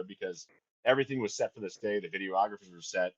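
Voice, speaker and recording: A man's voice: fairly low pitch, quick pace, bright, forceful tone, dull audio. A man, a band's singer, telling a story in a casual chat, profane and laughing as he goes. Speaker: band vocalist and guest.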